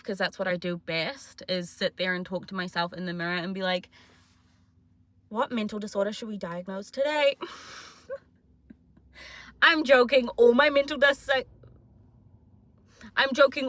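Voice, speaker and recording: A woman's voice: fairly high pitch, moderate pace, pauses often, a bit bright. A twenty-year-old woman with a New Zealand accent, talking in a chatty, self-mocking, jokey way in a casual confessional vlog. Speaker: vlogger.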